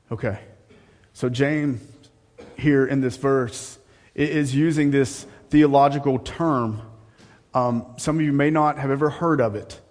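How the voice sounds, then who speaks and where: Male pastor, sermon delivery, sarcastic pitch jumps, long hall reverb. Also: a little slow, darkish tone. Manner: rises to a high mocking voice for sarcasm.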